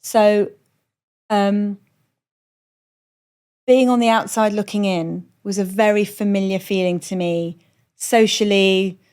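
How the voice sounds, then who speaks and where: A woman's voice: mid-range voice, steady tone, takes it slowly, long pauses, a little mellow, clear, resonant tone. A middle-aged woman from Iran, a comedian guest on a podcast, telling candid, self-deprecating stories and swearing freely. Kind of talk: candid storytelling chat. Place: on a moored boat.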